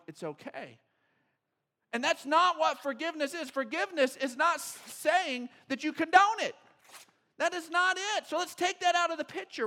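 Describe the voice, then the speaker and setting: A male pastor preaching a sermon in a church, acting out quoted voices and swinging between loud emphasis and hushed asides. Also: very high voice. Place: church sanctuary.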